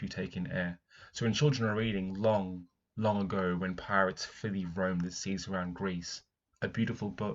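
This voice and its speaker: A male primary teacher reads a picture book aloud, then breaks off to explain passages. His voice sits lowish, and the audio is dull.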